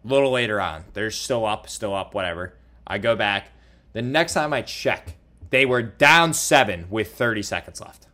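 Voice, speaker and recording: A young man co-hosting a podcast, telling a story in casual chat with an excitable, self-mocking manner. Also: lowish voice, moderate pace. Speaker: podcast co-host.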